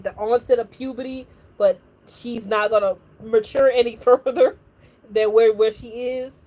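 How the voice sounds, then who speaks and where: A woman's voice: fairly high pitch, mellow, low-quality recording. A woman hosting a livestream, chatting casually and animatedly with many filler words. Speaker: livestream host. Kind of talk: casual reaction chat.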